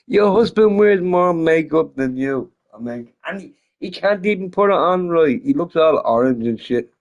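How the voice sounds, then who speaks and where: A man's voice: fairly high pitch, lively intonation, measured pace, highs cut off. A man streaming a game while a little drunk, chatting casually in a rambling way, swearing a lot and laughing often. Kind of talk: casual live-stream chat.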